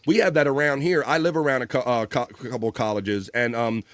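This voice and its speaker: A man's voice: mid-range voice, fairly even intonation, brisk, fairly bright tone, no room sound. A man hosting a casual livestream, reading viewer comments aloud, laughing often and swearing casually. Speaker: livestream host.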